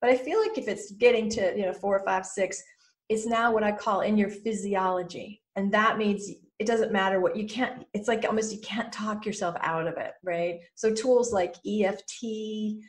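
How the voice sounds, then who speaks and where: A woman's voice: mid-range voice, steady tone, normal speed. A woman in her fifties, a mentor and former therapist, talking in a podcast interview and acting out anxious inner voices. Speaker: guest mentor.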